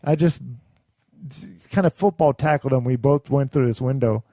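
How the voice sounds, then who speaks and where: A man's voice: mid-range voice, moderate pace, mellow, no room sound, studio quality. A young man co-hosting a podcast, telling a long story in casual chat, acting out quotes in a raised voice and laughing often. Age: young adult. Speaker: podcast co-host.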